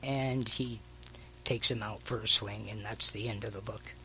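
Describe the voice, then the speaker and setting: A man's voice: fairly low pitch, fairly even intonation, normal speed, pushed and bright, a little hiss or hum, rough recording. A man co-hosting a podcast, casually retelling a comic book's story with fillers and the odd swear word. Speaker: podcast co-host. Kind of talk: casual chat.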